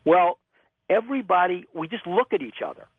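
A male interview guest, a magazine publisher, telling stories in an animated, vivid way over a phone-line call. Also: high-pitched, fairly quick, breathy edge, no room sound. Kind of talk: storytelling interview answers.

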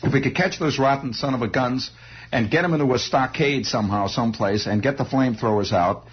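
A man's voice: mid-range voice, brisk, breathy edge. A man telling a rambling comic monologue in a wry storytelling manner, throwing in sound effects. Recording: dull lo-fi recording.

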